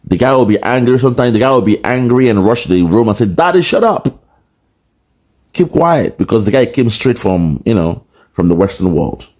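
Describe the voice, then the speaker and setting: A Nigerian-accented man holds forth in a forceful political monologue. His voice sits on the low side, and he drives his points home with repeated rhetorical lines. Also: fairly quick. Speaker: political commentator.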